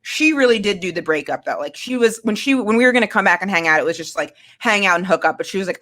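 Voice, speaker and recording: A woman's voice: on the low side, fast talker, a bit bright. A woman in her thirties from Maine, telling a personal story in casual chat, candid and rambling with lots of fillers and restarts. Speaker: guest.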